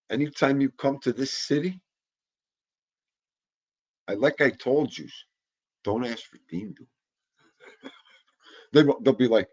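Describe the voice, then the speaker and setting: A man's voice: medium pitch, darkish tone, muffled recording. A man, chatting casually and jokingly in a rambling way while talking to his dog. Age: 50s. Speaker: vlogger. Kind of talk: casual chat.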